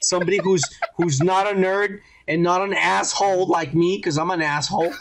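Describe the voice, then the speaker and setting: A man with a high-pitched, gravelly voice co-hosts a podcast. He rants in loose, profane chat and jumps into quick impressions of what people said. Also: heavy background noise. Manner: animated, ranting, acts out quotes. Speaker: podcast co-host. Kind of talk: casual profane review chat.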